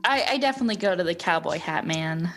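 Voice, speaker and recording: A woman's voice: on the low side, expressive, fast talker, a bit bright, faint music behind. A woman playing in a tabletop game, speaking in character hesitantly and politely with many fillers. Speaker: player.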